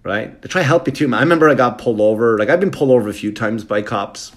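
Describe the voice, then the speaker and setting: A man's voice: medium pitch, racing. Profane man telling a comic story. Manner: profane, animated, keeps checking in with the listener. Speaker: comedian. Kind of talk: comedic storytelling.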